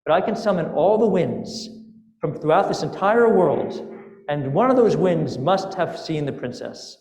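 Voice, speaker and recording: A man voicing an enormous, good-natured fairy-tale giant, calm and obliging as he offers help. It rings through a roomy hall with a long reverb. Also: on the high side, unhurried. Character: enormous male giant carrying a tree, friendly. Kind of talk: sermon storytelling.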